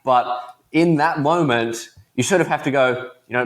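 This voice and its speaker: A man's voice: mid-range voice, moderate pace. A teenage man with an Australian accent, a laid-back and chatty guest telling stories in a casual podcast interview. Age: teens. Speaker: guest entrepreneur.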